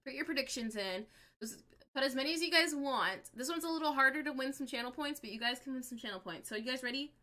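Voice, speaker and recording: A young adult woman streaming a game live, chatting with viewers and reacting aloud in an excitable, chatty way. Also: high-pitched, fast.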